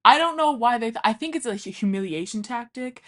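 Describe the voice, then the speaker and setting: A woman's voice: on the high side, animated, brisk, fairly bright tone. Chatty young woman telling stories. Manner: chatty, swears freely, acts out quotes. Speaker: vlogger. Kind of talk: casual storytelling.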